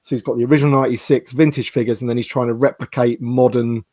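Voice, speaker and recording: A man co-hosting a casual live-stream chat, jokey and loose, jumping quickly from thought to thought over a video call. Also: mid-range voice, steady tone, a little mellow, dry recording. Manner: chatty and jokey, drifts quickly between thoughts. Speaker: co-host.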